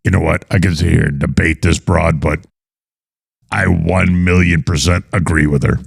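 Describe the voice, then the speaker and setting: Man, comedy show host, very deep, gravelly, husky, mocking, dry close sound. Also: steady tone, moderate pace, dry recording. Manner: mocking, with big exaggerated pitch swings. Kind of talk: comedic talk-show commentary.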